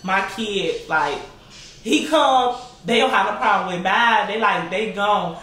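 A bright, chatty young woman talks through a casual question-and-answer vlog, laughing often and calling her viewers y'all. She sounds a little distant from the mic in a very echoey room, with faint noise underneath. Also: mid-range voice, measured pace.

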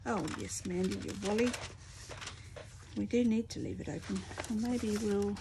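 A woman's voice: mid-range voice, moderate pace, background noise. A woman hosting a craft video, chatting casually and talking herself through each step with murmured asides. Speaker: craft channel host. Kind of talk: casual crafting chat to camera.

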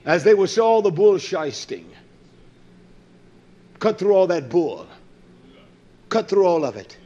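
Fiery preacher man swinging loud and low. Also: sing-song, measured pace, dull audio. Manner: swings from loud wailing to low muttering, scolding and emphatic; uses Hebrew words within English. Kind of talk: fiery sermon.

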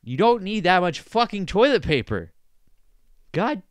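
A man's voice: sits high, very animated, a little slow, a little hiss or hum. A young man hosting a solo podcast, ranting casually with plenty of swearing and sarcasm. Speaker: podcast host.

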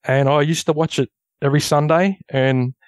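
Animated Australian man telling a story. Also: on the high side, moderate pace, no echo, studio quality. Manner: animated, acts out sounds and dialogue. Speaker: podcast guest. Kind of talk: casual storytelling.

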